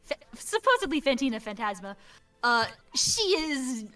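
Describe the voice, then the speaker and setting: A woman narrating a tabletop game as game master in lively, animated speech, from a distant mic. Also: high voice, moderate pace, faint music behind.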